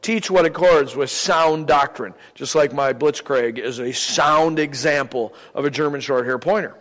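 Older man, preacher, sermon, humorous and conversational, slightly high voice, long church-hall reverb. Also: unhurried, fairly bright tone. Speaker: visiting preacher. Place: church sanctuary.

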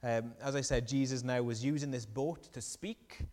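In a church hall, a preacher delivers a sermon, telling the story with animation and repeatedly questioning his listeners. His middle-pitched, darkish voice rings with a long reverb, and he speaks at a moderate pace with fairly even intonation.

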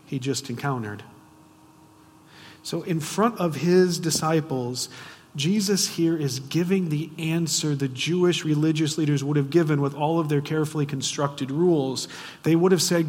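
A man preaching a sermon, asking the audience frequent rhetorical questions and swinging between hushed and loud, emphatic delivery. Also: fairly high pitch, normal speed. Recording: long reverb of a large hall.

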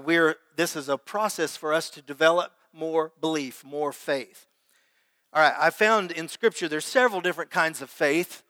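Preaching his sermon, this pastor reads scripture, prays, and fires questions at the congregation to draw responses. His slightly high voice sounds pushed and bright, with no echo but a big-room quality.

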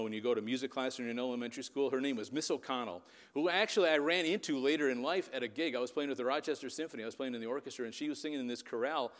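A man in his fifties from the Upper Midwest of the US, telling a story in a sermon and often checking in with his listeners. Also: medium pitch. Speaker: preacher and youth leader. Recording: long reverb of a large hall.

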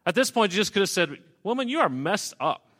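Higher-voiced man preaching conversationally. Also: very animated, brisk, bright, forceful tone. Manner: conversational, explains scripture verse by verse with asides. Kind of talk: expository sermon.

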